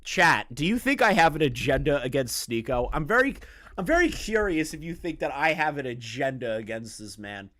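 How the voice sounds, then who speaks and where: A man's voice: a little high, sing-song, normal speed, a bit bright. A man streaming live commentary to his chat, ranting in a crude, sarcastic way and rambling with fillers and restarts. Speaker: streamer reacting to online drama.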